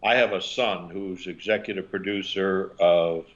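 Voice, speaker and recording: An older man, a parenting author and guest, answering interview questions with lively stories. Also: sits low, a little slow, dull audio. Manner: animated storytelling, acting out quotes.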